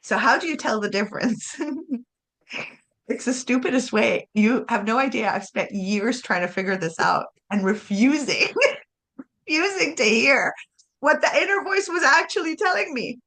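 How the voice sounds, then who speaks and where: A woman chatting casually about spirituality, animated, laughing often and acting out voices. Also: on the high side, moderate pace.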